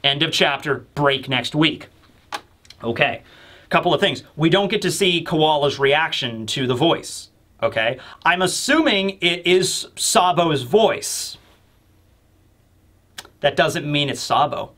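A chatty man recapping a manga chapter in a loose, rambling way. His voice sits a bit higher than most men's, and he keeps things casual with plenty of filler words. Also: expressive, slow, bright, forceful tone. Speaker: manga review host.

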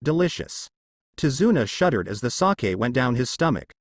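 A man narrating a fan story aloud in a steady storytelling manner, close to the mic. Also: mid-range voice, normal speed, dry recording.

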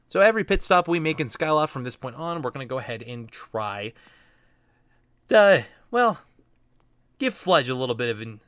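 A man's voice: medium pitch, fairly bright tone, dry recording. A man hosting a video game playthrough, playful and chatty as he comments on what he does. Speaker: let's play host.

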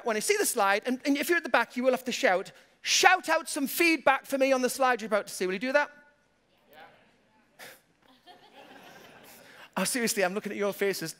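High-voiced, fast-talking motivational speaker. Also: male voice. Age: 50s. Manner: lively storytelling, acts out the people he quotes. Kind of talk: keynote talk to a live audience.

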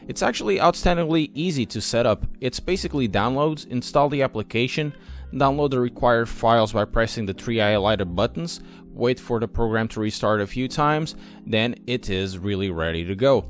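A man's voice: medium pitch, lively intonation, fairly quick, faint music behind. A man giving a scripted, explanatory voice-over review of a sim racing app. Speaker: sim racing channel host.

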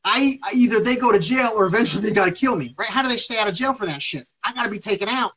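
Husky guy ranting on a livestream, rambling and cursing nonstop, all worked up. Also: high voice, animated, racing, sharp tone, poor audio. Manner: agitated, rambling, heavy swearing. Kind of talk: live-stream monologue.

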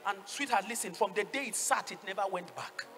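A woman with a Nigerian accent preaching a sermon, fervent, swinging from hushed tones to shouts and calling for answers from the congregation. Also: medium pitch, brisk. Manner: call-and-response with the congregation.

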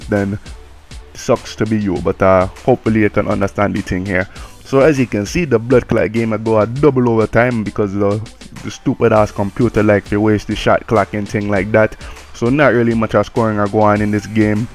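A man's voice: on the low side, a little fast, faint music behind, lightly acted. A man voicing a brash, swearing male game commentator with a put-on Jamaican accent, calling the play live. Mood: boastful. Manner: swearing, mocking, excitable play-by-play.

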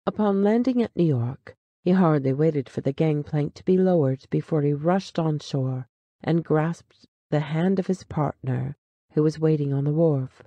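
Brief: measured audiobook narrator for a classic tale, slow pace, dry close sound. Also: medium pitch, gravelly, warm tone, no room sound. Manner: measured, dramatic storytelling.

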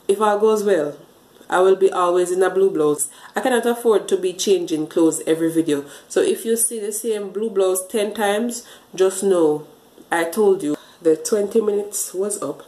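A woman's voice: medium pitch, moderate pace, a little mellow, roomy sound, poor audio. A woman vlogging a hair wash routine, explaining each step casually to the camera and a bit out of breath. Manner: chatty, explains step by step while washing her hair. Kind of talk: casual tutorial talk to camera.

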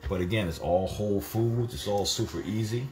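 A woman's voice: a bass voice, normal speed, music in the background. A woman co-hosting a home cooking show, chatting casually and teasing her partner as she cooks. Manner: playful teasing, lively cooking banter.

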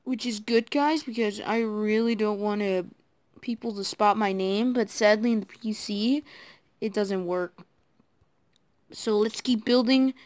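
A woman giving casual, excitable commentary while playing a game, talking to her viewers and admitting she is nervous. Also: medium pitch, unhurried, no echo. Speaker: gaming video creator.

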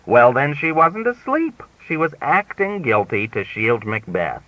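Storybook role: male reader doing an emphatic, know-it-all American woman, pitched up, bright and lively, dry, slightly muffled read. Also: measured pace, dry recording, heavily acted. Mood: insistent. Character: opinionated, insistent American woman mystery fan. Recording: dry, slightly dull audiobook recording.

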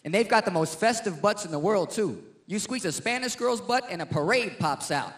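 A man's voice: high-pitched, lively intonation, moderate pace, a bit bright, a little hiss or hum. A man doing a stand-up comedy routine in a brash, punchy manner, teasing the crowd.

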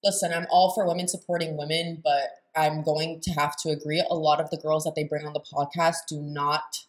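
A young woman talks over a clip she is reacting to, in a voice pitched a little low. She is blunt and sarcastic and swears freely, in the loose tone of casual commentary. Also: little pitch movement, fairly quick. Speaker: reaction video host.

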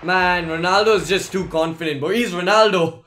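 A young man giving casual, excitable gameplay commentary, often shouting at the game. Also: high voice, normal speed, a little hiss or hum. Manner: excitable, yells at the game, says "bro" and "man" a lot. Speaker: gaming YouTuber.

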